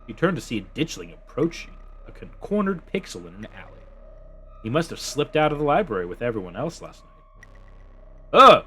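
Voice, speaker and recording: A man streaming a story game, reading the text aloud and reacting in an excitable way with swearing. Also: mid-range voice, moderate pace, breathy edge. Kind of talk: game let's-play with narration read aloud.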